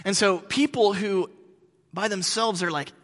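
A pastor preaching a sermon in a conversational way, with joking asides. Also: male voice, sits high, a little slow, fairly bright tone, in a large hall.

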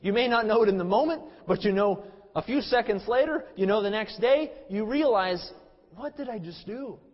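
A man in his thirties preaching a sermon as pastor, impassioned, swinging from loud emphasis to a low hush. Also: lively intonation, brisk. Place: church sanctuary. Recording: muffled sound in a hall with long reverb.

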